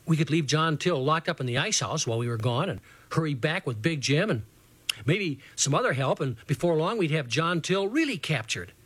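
Middle-aged male storyteller, fairly high voice, very animated, reading a kids' adventure serial. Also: normal speed, husky, no echo. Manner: lively, animated boyish first-person narration. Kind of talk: children's radio story reading.

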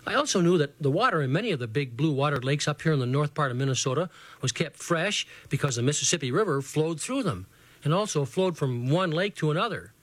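A middle-aged man reading a children's adventure story aloud in a lively, boyish first-person voice. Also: fairly high pitch, fast, no room sound.

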